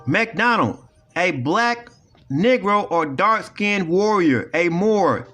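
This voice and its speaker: A man's voice: high-pitched, lively intonation, takes it slowly, fairly bright tone, soft background music. A man ranting in a video commentary, profane and repetitive as he lectures emphatically. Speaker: online commentator.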